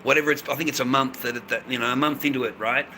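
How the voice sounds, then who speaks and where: A man's voice: mid-range voice, steady tone, fast, slight background noise. Profane rambling Australian man. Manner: profane, rambling, loud bursts. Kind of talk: casual chat to viewers.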